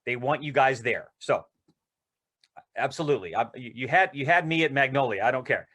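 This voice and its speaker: A male actor, interviewed as a guest, telling rambling, excited anecdotes in casual conversation. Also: medium pitch, brisk.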